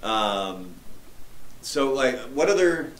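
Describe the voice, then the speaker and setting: A man hosting a radio after-show, chatting in a joking, animated way with many restarts. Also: medium pitch, extremely slow, echoey room. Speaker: radio show host and voice performer. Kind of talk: casual chat. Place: radio studio.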